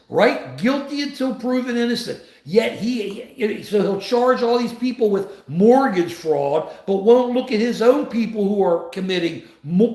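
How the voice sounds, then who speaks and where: Older male host in his 70s, high-pitched and fired up, rambling political talk, echoey room. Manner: impassioned, rambling with restarts. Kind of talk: political commentary on a live show. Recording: roomy echo.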